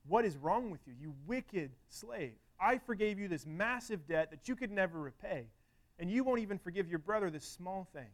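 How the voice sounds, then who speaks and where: A man's voice: medium pitch, quick pace, fairly bright tone, clean tone, lightly acted. A man voicing a stern male master in a parable, in a plain, matter-of-fact retelling voice. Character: stern male master settling his servants' debts.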